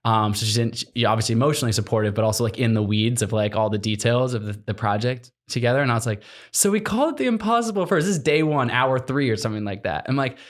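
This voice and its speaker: A man's voice: fairly low pitch, steady tone, quick pace, few pauses. A man in his thirties telling an adventure story in a podcast interview, acting out the quotes and laughing often. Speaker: guest, explorer.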